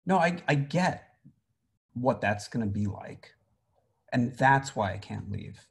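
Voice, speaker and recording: A man's voice: medium pitch, expressive, slow pace, gravelly. A middle-aged man, a rabbi, giving an informal talk on a Bible story, conversational, with frequent ums and restarts. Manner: conversational, many fillers and restarts. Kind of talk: informal Torah teaching.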